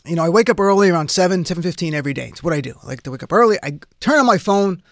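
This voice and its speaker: A man's voice: sits high, animated, racing, dry recording. A man hosting a live radio talk show, speaking in an earnest, subdued and emotional way into a studio microphone.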